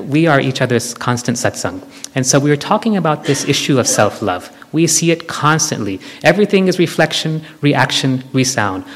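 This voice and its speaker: A man giving a devotional talk to an audience, animated, leading them in group chants. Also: on the high side. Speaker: spiritual speaker. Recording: hall with long reverb.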